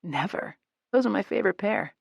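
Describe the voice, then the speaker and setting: A woman reading the part of a smug, teasing young man in a romance audiobook, with a smirking, low-key delivery. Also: lively intonation, brisk, gravelly, breathy edge, dry recording, full character voice.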